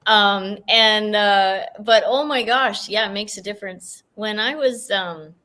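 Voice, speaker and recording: A woman's voice: mid-range voice, measured pace, sharp tone. A woman hosting a podcast interview, chatting expressively and telling a personal story. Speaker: podcast host. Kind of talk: podcast interview, casual chat.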